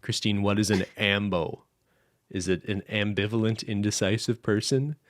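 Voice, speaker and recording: A young man co-hosting a podcast, chatting casually in a relaxed, rambling way and laughing often. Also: on the low side, normal speed, no echo, studio quality. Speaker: podcast co-host. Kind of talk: casual chat.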